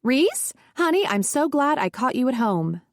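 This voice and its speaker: This woman puts on an exaggerated, high-pitched, sing-song voice, pitched above her natural one and delivered a little slowly. She plays a demanding, self-pitying middle-aged mother, pushy and exasperated with her son. The sound is clean studio audio with no room sound.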